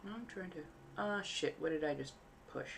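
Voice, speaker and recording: A woman's voice: low voice, moderate pace, vocal fry, a little hiss or hum. A woman hosting a live stream in casual chat, rambling easily and enunciating carefully around costume fangs. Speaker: livestream host.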